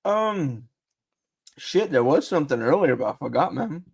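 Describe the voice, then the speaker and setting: A man's voice: on the high side, very animated, normal speed, creaky, breathy edge, no echo. A man co-hosting a casual podcast, joking, swearing and laughing as he reads reviews. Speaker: podcast co-host. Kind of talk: casual chat, reading reviews aloud in put-on voices.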